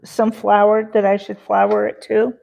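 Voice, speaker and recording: A woman's voice: mid-range voice, monotone, a little slow, creaky, darkish tone, poor audio. A woman hosting a casual cooking livestream from her home kitchen, chatty and rambling, full of fillers and talking to her chat. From Rocky Mountains, USA. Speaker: livestream host.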